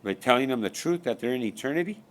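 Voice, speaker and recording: A man with a mid-range voice and lively intonation talks at a quick pace, delivering a spiritual monologue that wanders. Profanity comes often, along with a stream of rhetorical questions he repeats.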